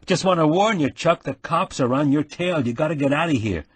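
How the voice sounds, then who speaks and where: A man's voice: on the high side, expressive, a little fast, slightly rough, voice pushed up. A man doing a brash, eager young guy. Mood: urgent friendly. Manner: loud, eager, breezy slang. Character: friendly, brash younger man posing as a diner worker.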